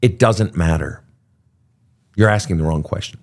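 A man's voice: low voice, moderate pace, creaky. A middle-aged man hosting a casual advice talk, blunt and profane. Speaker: podcast host, coach.

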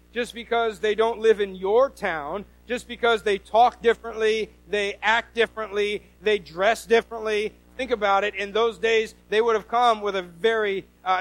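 A man from the US Northwest preaching a sermon, telling stories with lively quoted voices. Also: sits high, no echo, rough recording. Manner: animated storytelling with quoted voices. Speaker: pastor.

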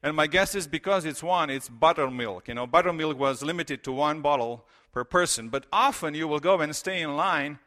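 A man's voice: a little high, moderate pace, hardly any pauses, pushed and bright. A middle-aged man from Romania with a Romanian accent, preaching a conversational sermon as a pastor in a church, telling stories with many fillers. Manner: storytelling, conversational with frequent fillers.

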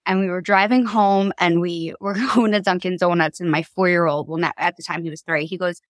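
A woman's voice: fairly low pitch, steady tone, a little fast, few pauses, no room sound. A woman in her thirties from Long Island, New York, a podcast guest telling her family story in a candid, chatty way and laughing easily. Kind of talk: casual storytelling.

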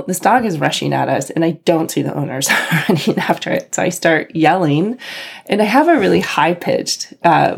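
A woman's voice: sits low, vocal fry, husky. A woman casually telling a personal story, rambling and restarting, breaking into short nervous laughs. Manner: rambling, self-interrupting, with frequent nervous laughs. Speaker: storyteller recounting a personal incident.

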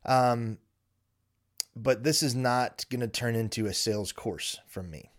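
Thirties male podcast host, relaxed basement chat, frank and self-mocking, lots of ums. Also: medium pitch, measured pace. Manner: candid, self-deprecating, frequent ums. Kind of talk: casual solo podcast talk. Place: home basement.

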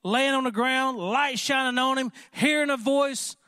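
A man preaching a sermon in an animated, conversational way, often asking the congregation questions. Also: extremely high pitch, a little slow, smooth, no room sound, clean studio sound. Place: church.

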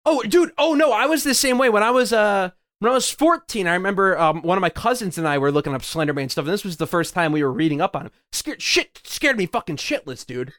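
A man's voice: sits high, expressive, quick pace, few pauses, fairly bright tone. A young man co-hosting a podcast in casual chat, saying "dude" a lot and letting his sentences trail off. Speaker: podcast co-host.

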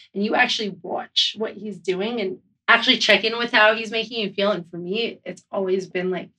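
A woman snowboarder talking casually in an interview, gushing and animated as she tells stories. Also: mid-range voice, recorded from a distance.

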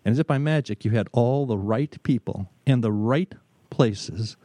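A middle-aged man, a business consultant, telling stories in an emphatic talk, pausing often and repeating words. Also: mid-range voice, mellow, no echo. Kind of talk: storytelling talk.

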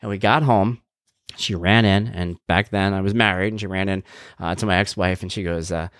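A middle-aged man hosting a podcast, telling a family story in casual chat and acting out the voices with big jumps in pitch. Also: brisk, a bit bright, no room sound, clean studio sound. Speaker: podcast host.

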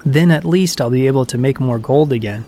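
A man's voice: medium pitch, brisk, mellow, lightly acted. A man voicing a frightened, spiteful male dwarf smith who whines and pleads. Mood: pleading. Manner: whining, pleading.

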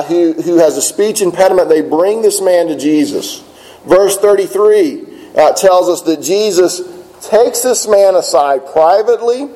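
A man's voice: fairly high pitch, warm tone, low-quality recording. Earnest man preaching a sermon. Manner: earnest, plainspoken with frequent "uh" fillers and repeated words. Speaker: pastor.

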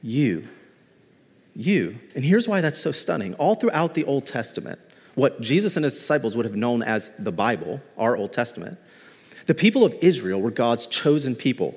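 A man pastor preaching a sermon in a conversational, animated way, mixing in light humor, in a church. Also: mid-range voice, a little fast, slightly rough, in a large hall. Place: church sanctuary.

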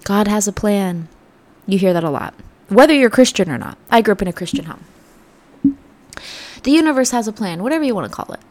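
A woman hosting a podcast, giving an earnest, reflective motivational talk that sometimes drops to soft near-whispers. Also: mid-range voice, expressive, a little fast, long pauses. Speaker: podcast host. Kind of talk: motivational self-help talk.

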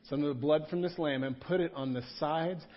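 A man's voice: a little high, brisk. A man, a pastor, preaching a sermon in a church room in a conversational style, repeating key words for emphasis. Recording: dull lo-fi sound.

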